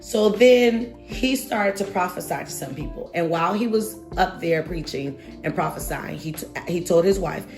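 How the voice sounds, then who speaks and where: Lady in her 30s telling a story, super animated, acts out every quote. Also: on the low side, moderate pace, few pauses, soft background music. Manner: animated, expressive, acts out quotes with exaggerated reactions. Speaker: vlogger telling a personal story. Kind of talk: casual storytelling to camera.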